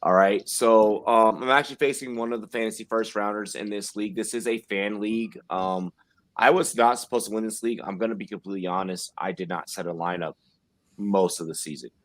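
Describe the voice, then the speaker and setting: Male host, low-ish voice, loud and profane, rambling fantasy football talk. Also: steady tone, fairly quick, dry recording. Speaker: podcast host. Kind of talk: casual sports chat.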